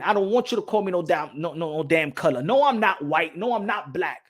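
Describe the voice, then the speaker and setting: A man's voice: a little high, expressive, fairly quick, hardly any pauses. A man hosting a boxing channel, giving a heated, profane opinion rant to camera and often repeating himself.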